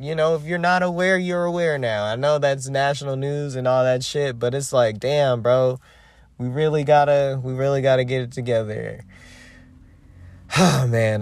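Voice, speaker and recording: A man's voice: mid-range voice, no echo. A young man hosting a casual solo podcast, speaking in a loose, profane, slangy way that trails off and restarts. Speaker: podcast host.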